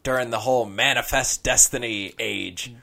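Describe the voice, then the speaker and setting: A man co-hosting a casual chat, telling an animated story and slipping into character voices. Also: medium pitch, normal speed, gravelly. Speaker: podcast co-host.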